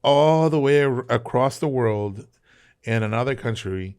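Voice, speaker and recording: Ex-soldier guest, thirties, from South Texas; cursing, animated storyteller. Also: male voice, medium pitch, measured pace, smooth. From South Texas, Rio Grande Valley. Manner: animated, profane, laughs through his stories. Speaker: guest, veteran. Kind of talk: casual storytelling.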